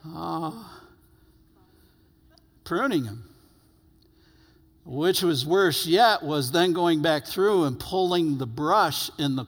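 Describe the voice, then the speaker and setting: A man preaching a sermon as pastor, earnest, stretching key words and letting phrases fall to quiet endings. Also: medium pitch, creaky. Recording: long hall reverb.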